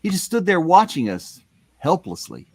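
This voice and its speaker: Brief: playful man reading comic dialogue, dry, expressive. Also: high voice, moderate pace, no room sound. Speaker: comic reader. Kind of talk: comic read-along, voicing a character.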